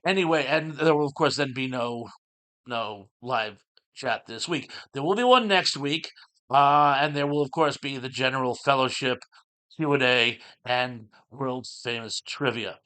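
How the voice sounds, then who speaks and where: A man's voice: medium pitch, unhurried, pushed and bright. A middle-aged man hosting his show, recapping a comic in a rambling, casual way with lots of fillers. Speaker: show host.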